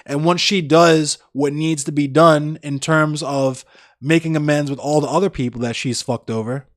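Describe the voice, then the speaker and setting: A man's voice: a little high, fairly even intonation, moderate pace, no echo, studio quality. A young American man chatting casually with live-stream viewers in a blunt, rambling, heavily profane way. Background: faint music.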